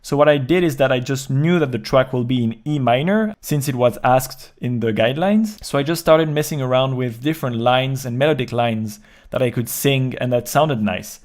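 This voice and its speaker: A man explaining step by step how he produced a track in his home studio, in a calm, even way. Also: medium pitch, moderate pace, few pauses. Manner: calm step-by-step walkthrough, counting beats aloud. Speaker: music producer. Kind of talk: explaining a music production process.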